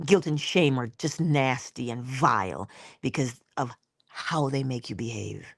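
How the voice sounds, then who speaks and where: A middle-aged woman giving an inspirational spiritual talk in a conversational, expressive way, slipping into little acted-out quotes. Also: a bass voice, unhurried, vocal fry, dry recording, clean studio sound. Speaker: inspirational speaker.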